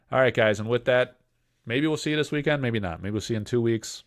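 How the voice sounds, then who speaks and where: A man's voice: mid-range voice, expressive, a little fast. A man hosting a casual livestream, joking and rambling while he reads chat comments aloud. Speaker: livestream host selling card breaks.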